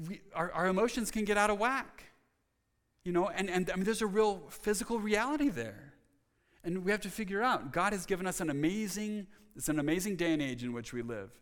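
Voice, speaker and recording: A man's voice: high voice, fairly bright tone. A male pastor preaching a sermon in an earnest manner, often restarting his sentences and pressing hard on key points. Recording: long reverb of a church hall.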